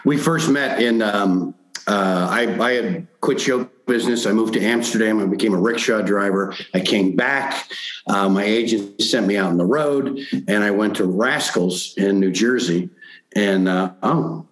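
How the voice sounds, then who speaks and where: A man telling a story in a casual interview, rambling with lots of halting restarts. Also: lowish voice. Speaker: comedian guest. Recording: roomy echo.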